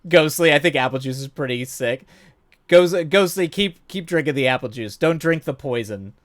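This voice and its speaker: A man's voice: fairly high pitch, normal speed, fairly bright tone. A man in his thirties chatting casually with his viewers while gaming at home at night, rambling and self-deprecating, with lots of fillers and idle humming. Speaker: livestream gamer.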